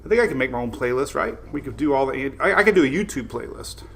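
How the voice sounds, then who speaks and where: An upbeat man chats loosely on his own live stream, greeting viewers one by one and laughing as he rambles. His pitch sits mid-range for a man. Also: lively intonation, fast talker, gravelly, fairly bright tone, breathy edge. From Florida. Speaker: host of a weather live stream. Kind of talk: casual live-stream chat.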